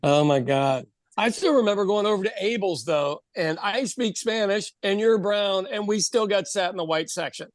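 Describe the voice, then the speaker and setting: A man's voice: high-pitched, no room sound, studio quality. A middle-aged man co-hosting a podcast, telling profane comedic stories in casual chat. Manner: storytelling comedian, profane, quick asides. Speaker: podcast co-host.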